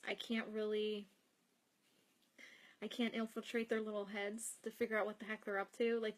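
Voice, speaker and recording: A chatty young woman talks casually on a home live stream, picking up viewer comments as she goes. Her pitch sits in an ordinary middle range, and she rambles freely and laughs easily between thoughts. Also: a bit bright. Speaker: psychic host answering live comments. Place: home, with cats nearby.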